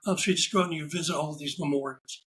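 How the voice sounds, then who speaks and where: A man talking as a podcast guest. He tells stories in a casual, animated way and acts out the lines of the people in them. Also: fairly high pitch, racing, poor audio. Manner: animated anecdotal storyteller, acts out quoted dialogue. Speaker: podcast guest, ride photographer. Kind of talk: casual interview storytelling.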